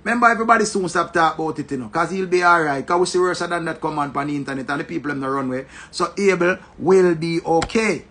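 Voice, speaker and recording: A man with a Jamaican accent giving animated, joking commentary and repeating his phrases. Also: on the high side, quick pace, few pauses, slightly rough. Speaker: social media commentator. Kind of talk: casual commentary.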